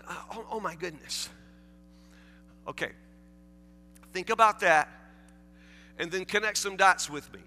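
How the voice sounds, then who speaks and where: A man's voice: high-pitched, animated, measured pace, long pauses, sharp tone, soft background music. A man, preaching a folksy, self-deprecating sermon in a large church, recorded with long hall reverb. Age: 40s. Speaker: pastor. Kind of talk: sermon with storytelling.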